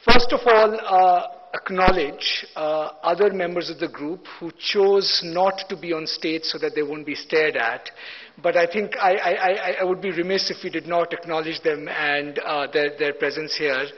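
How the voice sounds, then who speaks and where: An Indian man moderates a panel in a large hotel hall, polite and full of hesitations. His voice sits somewhat high. The recording is dull and heavy with long reverb. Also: moderate pace. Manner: hesitant, many fillers, polite.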